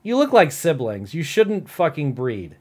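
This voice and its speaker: A man's voice: on the high side, sing-song, unhurried, darkish tone, breathy edge. A stoned man vlogging live, reacting to a video in an irritated, rambling, profane rant.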